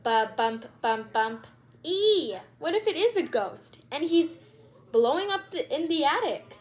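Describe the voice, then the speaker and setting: A woman voicing an excitable, jumpy young girl in a storybook read-aloud, with breathless exclamations. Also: high voice, normal speed, voice pushed up. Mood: scared.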